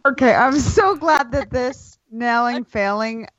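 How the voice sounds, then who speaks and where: A woman's voice: fairly high pitch, slow pace, a bit bright. A woman hosting a podcast and talking with friends in a chatty, self-deprecating way. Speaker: podcast host. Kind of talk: casual chat. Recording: slightly dull lo-fi sound.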